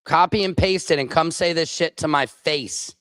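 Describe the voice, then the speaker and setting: A man's voice: on the high side, normal speed, fairly bright tone, no room sound. A man who is a comedian and show host, delivering an angry, profane political rant full of repeated phrases. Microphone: streaming microphone.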